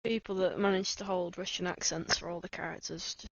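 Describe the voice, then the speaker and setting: Soft-spoken woman, dry lo-fi sound. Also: lowish voice, fairly even intonation, a little fast, dry recording. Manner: soft-spoken, self-deprecating, laughs often. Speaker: podcast guest. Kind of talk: casual chat. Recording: dry, dull lo-fi voice chat.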